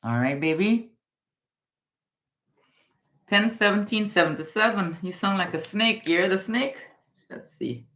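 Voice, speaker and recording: A woman from Guyana giving a live tarot reading, calling the listener darling and baby and repeating their name. She swings between excited high exclamations and low, hushed advice. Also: unhurried, pauses often. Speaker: tarot reader.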